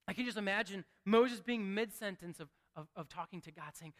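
A man preaching a sermon in a chatty, conversational way, with restarts and asides, swinging from hushed to excited. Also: high voice, a little fast, hardly any pauses. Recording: long hall reverb.

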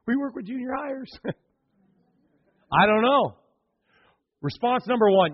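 A man preaching to his church, his voice sitting fairly high and carrying a husky grain. He tells the story with energy, acting out characters and turning to joke with the people in the room. The sound is a little dull and muffled. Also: takes it slowly, pauses often. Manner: animated storytelling, acts out scenes, jokes with the congregation. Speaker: pastor. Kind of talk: sermon. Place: church sanctuary.

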